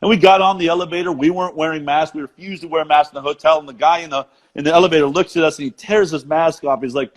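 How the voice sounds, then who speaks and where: A man's voice: a little high, fast talker, few pauses. A middle-aged American man with an American accent, earnestly making his case in a rousing conversational monologue on a video call. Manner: earnest, rousing, repeats words when excited. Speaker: show host being interviewed.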